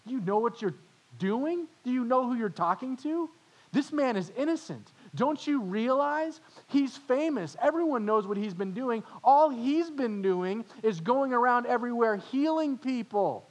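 A man preaching voices a repentant condemned criminal who scolds his fellow prisoner urgently, voice raised and high. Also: expressive, unhurried, few pauses, breathy edge, full character voice, poor audio. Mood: scolding.

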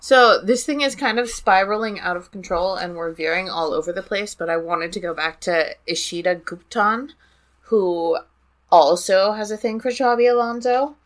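A woman's voice: medium pitch, moderate pace. A woman hosting a casual podcast over a video call, teasingly reading out listener messages. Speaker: podcast host. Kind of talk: casual chat.

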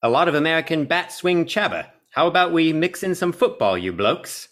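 A man's voice: a little high, lively intonation, fairly quick, fairly bright tone, pitched above the performer's own voice. A man reading a listener review aloud, putting on a clumsy British accent as a cheeky male fan.

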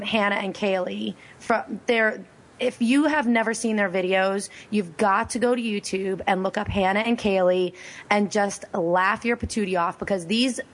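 A woman hosting a talk radio show, hoarse from losing her voice, chatting in a bubbly, giggly, rambling way. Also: mid-range voice. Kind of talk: casual radio show chat.

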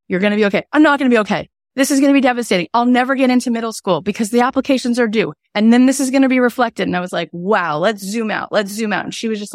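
A woman in her forties leading a spiritual self-help workshop, emphatic and animated, repeating words for effect. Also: lowish voice, no echo, clean studio sound. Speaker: workshop teacher.

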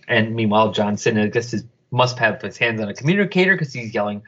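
A man's voice: fairly low pitch, quick pace, hardly any pauses, husky, lo-fi sound. A man casually retelling an episode as a podcast host, acting out the voices as he goes. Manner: animated storyteller who acts out voices.

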